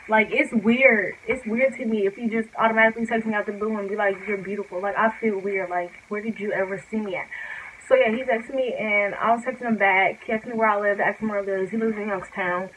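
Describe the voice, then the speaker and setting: A woman's voice: medium pitch, a little fast, slight background noise, poor audio. A young woman telling a casual storytime vlog, rambling and chatty with lots of filler words. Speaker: vlogger.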